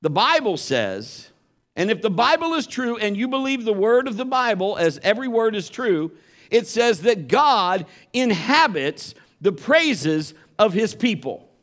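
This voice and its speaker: A pastor preaching a sermon, moving between fervent exhortation and hushed storytelling. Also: male voice, sits high, very animated, measured pace.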